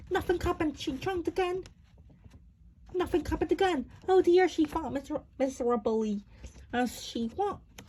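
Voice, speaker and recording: A woman narrating a children's storybook, reading haltingly with frequent restarts. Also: extremely high pitch, a bit bright, slight background noise. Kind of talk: storybook read-aloud.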